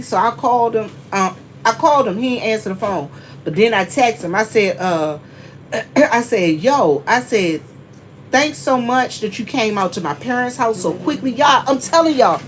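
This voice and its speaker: A middle-aged woman, casually telling a story to her viewers, animated and chatty, often calling them y'all and breaking into laughs. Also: on the high side, moderate pace, a little hiss or hum. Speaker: vlogger.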